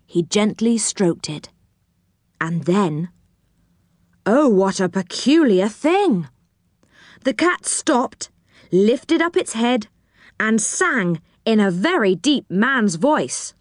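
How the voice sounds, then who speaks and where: Slow gentle woman storybook narrator. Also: medium pitch, animated, no room sound, clean studio sound. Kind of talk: storybook reading.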